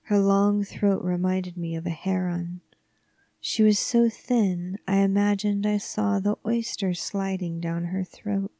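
A woman narrating a horror story in a soft, hushed, often whispery voice, measured and calm. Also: mid-range voice, gravelly, no room sound.

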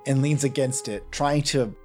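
A man playing a tabletop game, narrating his character's actions in an unhurried storytelling way. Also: mid-range voice, darkish tone, faint music behind. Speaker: player.

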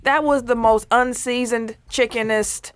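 A woman's voice: on the high side, fairly even intonation, unhurried, smooth, no room sound. A woman co-hosting a casual commentary show, scolding and sassy in her delivery. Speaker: co-host.

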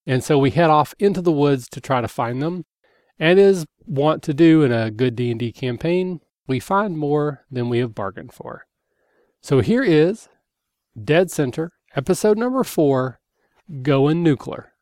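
A man hosting a tabletop game podcast, giving a measured scripted introduction. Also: a little high, animated, darkish tone, no echo, studio quality. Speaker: podcast host.

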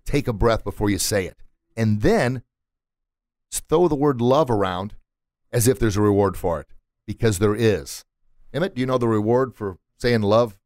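Middle-aged male podcast host, emphatic motivational delivery, low voice, dry close studio mic. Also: normal speed, a little mellow, no room sound. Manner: emphatic, preachy, repeats words for punch. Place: recording studio.

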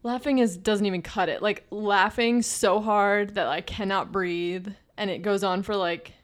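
A woman's voice: mid-range voice, fairly even intonation, unhurried. A young woman co-hosting a podcast in casual chat, talking in a chatty way with many fillers and restarts. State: pregnant. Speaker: podcast co-host.

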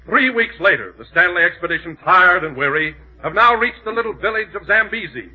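A man's voice: high voice, expressive, fairly quick, slightly rough, phone-quality sound. A man narrating as announcer in a 1930s radio comedy, grand and mock-serious. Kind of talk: scripted narration.

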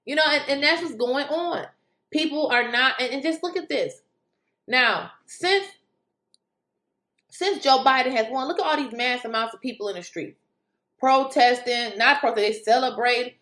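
A woman giving animated political commentary, incredulous and exclaiming at times. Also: sits high, normal speed, echoey room. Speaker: commentary vlogger.

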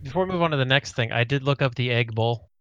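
A man's voice: medium pitch, quick pace, a bit bright, clear, resonant tone, dry recording, lo-fi sound. A man co-hosting a casual sports podcast, wisecracking and swearing casually. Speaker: podcast co-host.

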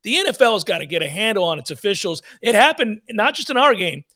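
Casting note: man, sports talk co-host, ranting and fired up, high voice that swings widely. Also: lively intonation, fast talker, sharp tone. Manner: fired-up ranting, blunt and profane.

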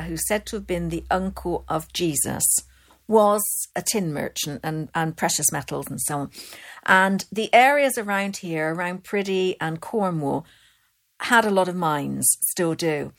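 Woman, Bristol accent, fast chatty storyteller, interview guest. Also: fairly low pitch, expressive, vocal fry. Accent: Bristol English. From Bristol, England. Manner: quick, chatty, laughs easily. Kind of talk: casual storytelling chat.

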